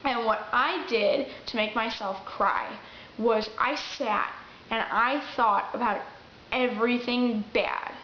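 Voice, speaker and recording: A woman's voice: a little high, takes it slowly, slight background noise. A young woman talking to camera in a casual, chatty way with restarts, giving advice on acting. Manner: chatty, with restarts and acted-out quotes. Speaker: vlogger giving acting tips. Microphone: camera mic. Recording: roomy, dull lo-fi camera audio.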